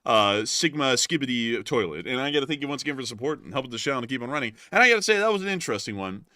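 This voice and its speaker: A man's voice: medium pitch, animated, rapid-fire, pushed and bright, no room sound. A man co-hosting a live stream in casual chat, laid-back and laughing, repeating his thank-you phrases for donations. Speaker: co-host of a live news stream.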